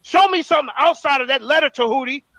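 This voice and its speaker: A man arguing in a live online debate, combative and rapid, often reading from notes. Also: very high-pitched, pushed and bright, no echo, low-quality recording.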